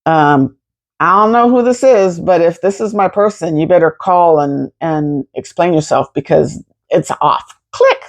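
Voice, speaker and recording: A woman in her fifties telling a personal story to camera in an animated, expressive way, swearing freely. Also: fairly low pitch, a little slow. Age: 50s. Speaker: vlogger.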